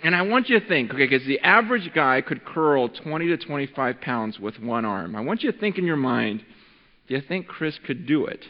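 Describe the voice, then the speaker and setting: A man preaching a sermon as pastor, talking in a relaxed, conversational way and working a demonstration with a volunteer. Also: medium pitch, brisk. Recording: dull lo-fi recording in a reverberant hall.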